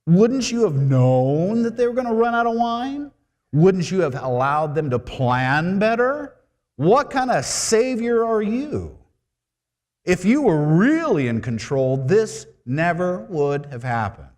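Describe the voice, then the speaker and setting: A preacher voicing an imagined fretful middle-aged mother in a strained, high mock-woman voice. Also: expressive, unhurried, dark tone, big-room sound. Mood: accusing.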